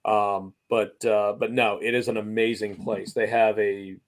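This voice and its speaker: A man's voice: fairly low pitch, measured pace. A man telling a long restaurant anecdote in casual chat, rambling and acting out the quotes. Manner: rambling, animated anecdote teller who acts out quotes. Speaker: racing series guest. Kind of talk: casual storytelling.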